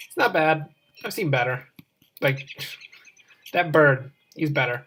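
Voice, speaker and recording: A woman's voice: low-pitched, animated, a little slow, long pauses, fairly bright tone, slight background noise. A woman hosting a game let's play, rambling playfully and chatting to her in-game companion as she goes. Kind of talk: casual gameplay commentary.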